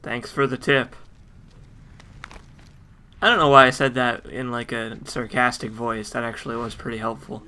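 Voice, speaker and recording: A man's voice: mid-range voice, steady tone, brisk, hardly any pauses, pushed and bright, slight background noise. A man giving casual let's play game commentary with wry, joking asides.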